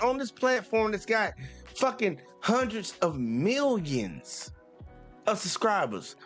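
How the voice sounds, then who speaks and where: A man's voice: high voice, a bit bright. A man hosting a sports channel, ranting heatedly and profanely with speech. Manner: profane, exasperated, repetitive. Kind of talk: heated live-stream rant.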